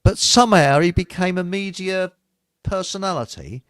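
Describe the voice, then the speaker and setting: Rambling man, bit high, dry sound. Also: normal speed, fairly bright tone, no echo. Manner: rambling, chuckling anecdotes. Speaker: host. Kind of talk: casual radio chat.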